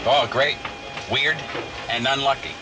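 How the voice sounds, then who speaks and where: An actor playing an easygoing male driver who gives dry, deadpan replies in a film clip. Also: medium pitch, unhurried, music in the background, close to an everyday voice, rough recording. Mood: wry. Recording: film clip with vehicle noise.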